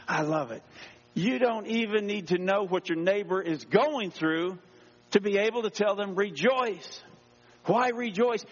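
Excited pastor, high voice, echoing hall. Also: male voice. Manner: energetic, exclaiming, calls for amens. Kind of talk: sermon. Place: church sanctuary. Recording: dull sound in a long-echo hall.

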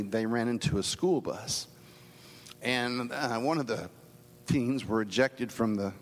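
A middle-aged man telling a personal story in a sermon, earnest and halting, often restarting his sentences. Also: lowish voice. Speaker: speaker giving a devotional talk. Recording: long hall reverb.

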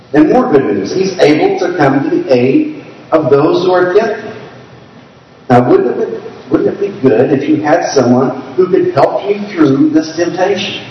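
A man preaching a sermon in a church sanctuary, slowing down to read scripture aloud and asking the congregation to raise their hands. His voice carries a long reverberant echo, picked up from a distance. The sound is dull and a little muffled, with a faint room ambience underneath. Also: fairly high pitch, slight background noise. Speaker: pastor.

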